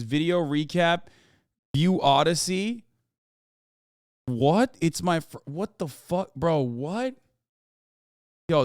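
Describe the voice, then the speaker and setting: A man's voice: a little high, clean tone, no room sound. A man streaming live, reacting casually on a close mic in a profane, incredulous, off-the-cuff way.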